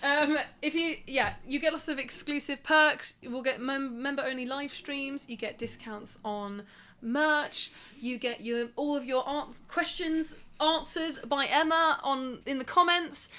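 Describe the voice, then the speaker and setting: A woman's voice: high-pitched, unhurried, bright, forceful tone, slight background noise. A woman co-hosting a casual live Q&A, chatty and often giggling as she reads out viewer questions. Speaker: co-host of a drum lesson channel live Q&A. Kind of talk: casual live-stream chat.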